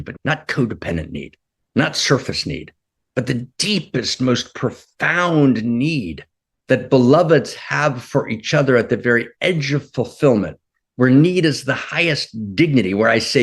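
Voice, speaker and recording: A man's voice: medium pitch, breathy edge. A man leading a spiritual talk, impassioned and repeating his phrases, often checking in with "right?". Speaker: spiritual teacher.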